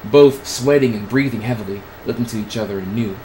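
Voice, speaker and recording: A man's voice: on the low side, brisk, dark tone, slight background noise, low-quality recording. Giggly man reading crude fan fiction. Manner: breaks into laughter, crude and casual; stumbles over words while reading. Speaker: streamer.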